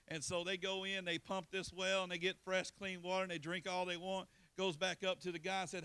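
A man's voice: high-pitched, flat delivery, fairly quick, few pauses, pushed and bright, clear, resonant tone, dry recording. A man preaching a sermon, telling a folksy story and building to fervent exhortation.

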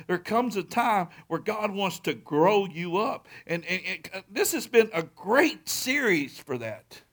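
A man preaching a sermon as pastor, telling a story with loud excited peaks and quiet low stretches.

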